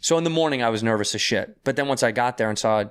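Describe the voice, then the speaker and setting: A man's voice: medium pitch, fast talker, a bit bright, clean tone. A man, a podcast guest, telling a story casually and animatedly, acting out the quoted people and swearing freely.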